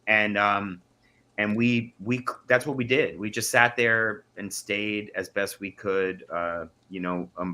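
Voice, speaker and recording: A man's voice: fairly low pitch, steady tone, takes it slowly, bright, forceful tone. A man speaking as a guest in a casual interview, easygoing with fillers. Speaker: guest actor.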